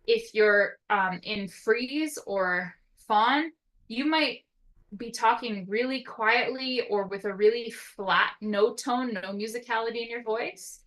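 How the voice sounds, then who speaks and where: A woman with a bright, forceful voice gives an educational talk as a therapist. Her intonation rises and falls freely as she explains step by step. She keeps checking in with her listeners with a quick "right?". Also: fairly high pitch, poor audio. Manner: lively up-and-down intonation. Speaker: occupational therapist.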